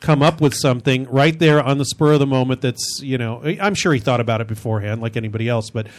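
A man's voice: medium pitch, fast. A man hosting a casual chat about comedy, rambling with many restarts. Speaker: host.

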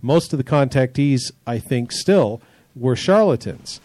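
Measured, skeptical male co-host, mid-range voice, dry close recording. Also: mid-range voice, animated, a little mellow, no echo. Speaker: podcast co-host. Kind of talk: casual panel discussion.

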